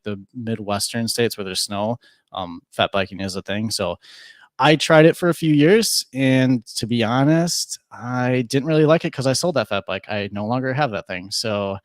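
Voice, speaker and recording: A man's voice: mid-range voice, no echo, clean studio sound. A young man from Minnesota chatting easily as a podcast guest, with lots of filler words and restarts. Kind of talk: casual chat.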